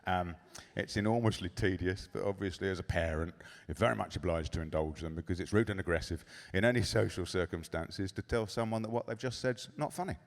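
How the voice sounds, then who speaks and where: A man doing a stand-up comedy set in a club, sardonic and profane with deadpan asides. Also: low voice, brisk, few pauses.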